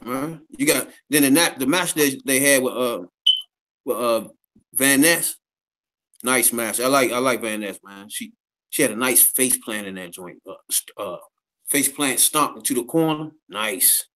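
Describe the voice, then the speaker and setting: A man's voice: medium pitch, a bit bright. A man co-hosting a casual wrestling review podcast, laid-back and slangy, often asking "you know what I'm saying". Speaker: podcast co-host.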